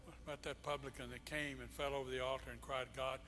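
A man's voice: medium pitch, level tone, fast talker, bright, forceful tone. A male pastor preaching a sermon, impassioned and emphatic, repeating his key phrases. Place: church sanctuary. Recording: long church-hall reverb.

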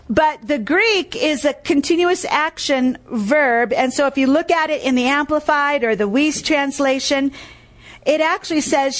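A high-pitched woman preacher tells stories and reads scripture aloud during her sermon. To emphasize ideas she repeats key phrases, and she tests her listeners by asking "what?".

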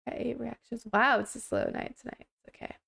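A woman's voice: on the high side, fairly even intonation, fairly quick, vocal fry, fairly bright tone, slightly rough. A young woman livestreaming, chatting casually with viewers on a headset mic, apologetic and laughing often.

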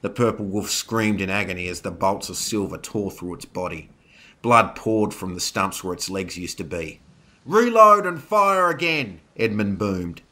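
Deep-voiced man narrating a horror story. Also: normal speed. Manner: steady, dramatic storytelling.

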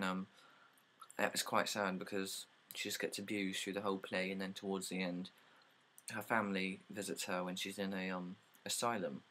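A man's voice: low-pitched, fairly bright tone, poor audio. A young man casually summarizing plays, rambling with lots of likes and ums and casual swearing.

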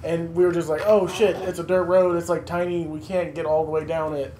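Brief: man, high voice, podcast co-host, joking storyteller, roomy sound with faint noise. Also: flat delivery, brisk, mellow. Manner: playful, laughs often, exaggerates. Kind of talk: casual chat. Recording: echoey room with faint background noise.

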